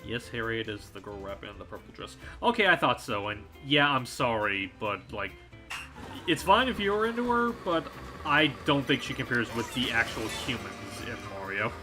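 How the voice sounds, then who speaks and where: A man streaming a kart racing game, chatting casually with an animated, rambling manner full of restarts. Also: medium pitch, moderate pace. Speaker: streamer and voice actor. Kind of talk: casual chat while gaming. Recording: game music playing behind.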